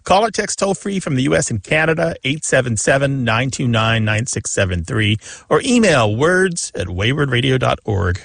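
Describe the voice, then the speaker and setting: A man's voice: medium pitch, big pitch swings, creaky, a bit bright, no room sound. A man hosting a radio show about language, friendly and joking, asking callers clarifying questions. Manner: friendly, quick to joke, asks clarifying questions. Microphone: studio microphone.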